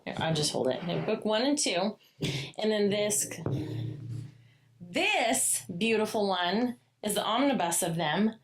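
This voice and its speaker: Woman co-host, casual book chat, effusive and profane, mid-pitched. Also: lively intonation, a little hiss or hum. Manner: gushing, swears freely, quick asides. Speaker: podcast co-host.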